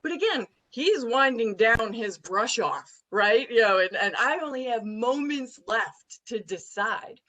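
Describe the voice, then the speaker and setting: A woman tells a story as a guest on a business podcast. Her voice sits a little high, and she tells it in an animated way, with plainspoken, colorful phrasing. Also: a little slow, few pauses, low-quality recording. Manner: animated anecdote teller. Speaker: guest, recruiting firm president.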